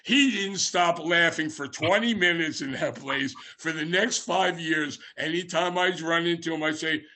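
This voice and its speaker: A man hosting a casual podcast, telling long stories with lots of "uh" and "um" and restarting his sentences. His voice sits a little high and sounds bright and forward. He talks like he is chatting with an old friend. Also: moderate pace. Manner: rambling anecdotes with many fillers, shouting out quoted lines. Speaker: podcast host. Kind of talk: casual storytelling interview.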